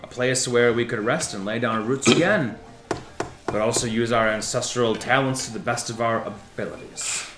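A man narrating a tabletop game as game master, telling a character's backstory in a slow, drawn-out way with laughs and restarts. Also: medium pitch, echoey room, noisy background.

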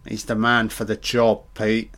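A man's voice: fairly low pitch, completely flat delivery, a little slow, fairly bright tone. A man giving a casual audio commentary on a film, chatty, joking and swearing a lot.

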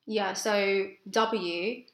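Brief: young woman, podcast co-host, bright tone, roomy echo, candid storyteller. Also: mid-range voice, very slow. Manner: storytelling, swears freely, animated when excited. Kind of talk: casual chat.

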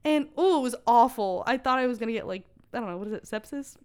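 A young adult woman, a podcast guest, chatting casually and telling animated stories full of "like.". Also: a little high, fast talker, smooth. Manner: animated storyteller, heavy use of "like". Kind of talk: casual chat.

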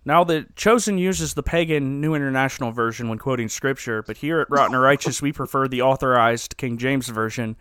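A man's voice: medium pitch, brisk, hardly any pauses, fairly bright tone, clean tone, no room sound, studio quality. A man hosting a podcast, giving a wry, joking recap with chuckles in a casual comedic style. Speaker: podcast host.

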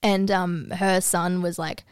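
A woman's voice: fairly low pitch, slow pace, clean tone, dry recording, studio quality. A woman co-hosting a podcast, telling a rambling story full of fillers. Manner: rambling storytelling with many fillers and lively impressions. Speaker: podcast co-host. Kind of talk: casual chat.

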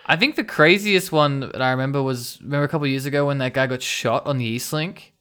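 A man's voice: medium pitch, quick pace, pushed and bright, clean tone. A young man co-hosting a podcast, casually arguing the other side. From Australia. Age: young adult. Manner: contrarian, playing devil's advocate. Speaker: podcast co-host. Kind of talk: casual chat.

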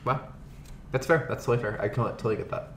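A man's voice: medium pitch, fast, a crowd in the background. A man in a casual movie review chat, blunt and sarcastic about the films. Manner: blunt, sarcastic, lively delivery.

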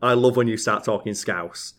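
A man from Yorkshire co-hosting a podcast, talking casually but slowing down and over-pronouncing his words. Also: fairly low pitch, fairly bright tone. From Yorkshire, England. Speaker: podcast co-host.

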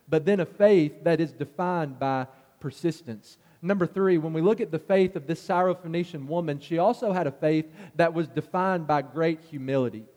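A man's voice: normal speed, darkish tone, in a large hall. A man preaching a sermon, earnest and rising in force as he drives his points home. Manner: earnest, builds in pitch and force on key points.

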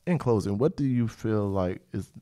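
A young man hosting a casual podcast conversation. His voice sits on the low side, and he drifts through stories with plenty of laughter. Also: animated, moderate pace, dark tone. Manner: rambling storyteller, laughs often. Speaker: podcast host. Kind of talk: casual chat.

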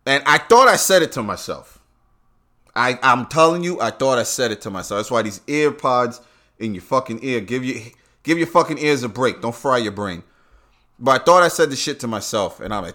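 A man's voice: medium pitch, lively intonation, a little fast, sharp tone. A man from Brooklyn with a New York accent, talking bluntly and swearing freely as he hosts his own podcast monologue. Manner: profane, blunt storytelling. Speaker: podcast host. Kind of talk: casual monologue.

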